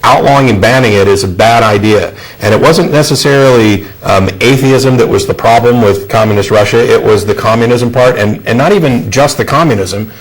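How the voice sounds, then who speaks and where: A man hosting a studio discussion show, speaking in a measured, thoughtful way with frequent fillers. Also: medium pitch, rough recording. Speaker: show host.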